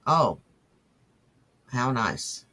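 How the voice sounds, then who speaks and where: A man's voice: mid-range voice, big pitch swings, extremely slow, sharp tone, slight background noise. A man hosting a profane reaction show, mocking and sarcastic as he talks back to clips. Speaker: host.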